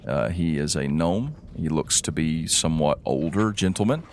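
A man's voice: rumbling low, expressive, moderate pace. A man narrating a tabletop game as game master, rambling with fillers.

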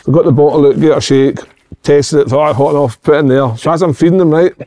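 A man's voice: on the high side, fairly even intonation, fast talker, dark tone, dry recording. A Scottish man in his forties, a former footballer, telling blunt anecdotes in casual podcast chat and swearing freely.

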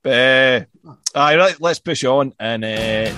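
A man hosting a casual chat and introducing songs, relaxed and chuckling. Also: medium pitch, slow. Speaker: podcast host introducing songs. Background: guitar music.

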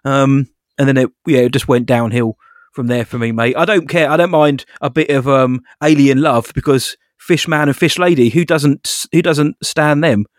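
A man's voice: mid-range voice, steady tone, moderate pace, dry recording. Male co-host, casual and opinionated, plain mid voice; dry close mic. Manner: opinionated, candid critique with laughs. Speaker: podcast co-host. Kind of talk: casual chat.

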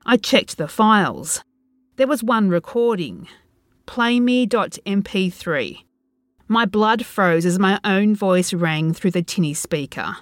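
A woman reads a first-person horror story aloud in a tense, dread-filled way. Her pitch moves a lot as she tells it. The recording is dry and close, with no room sound. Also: no room sound. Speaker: narrator.

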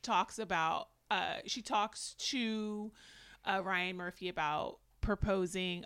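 A woman co-hosting a podcast, chatting casually as she recaps a reality episode, animated and quick to laugh. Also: medium pitch, clear, resonant tone, no room sound, clean studio sound. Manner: animated, laughs often, puts on quoted voices. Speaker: podcast co-host.

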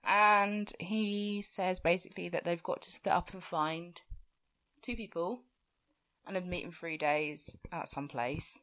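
A woman's voice: fairly low pitch, measured pace, fairly bright tone. A woman co-hosting a podcast, recapping a film in casual, giggly chat and swearing freely. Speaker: podcast co-host.

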